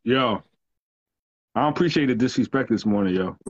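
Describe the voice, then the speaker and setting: Laid-back caller on a muffled line. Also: male voice, mid-range voice, animated, normal speed, very noisy. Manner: laid-back, teasing banter full of "yo".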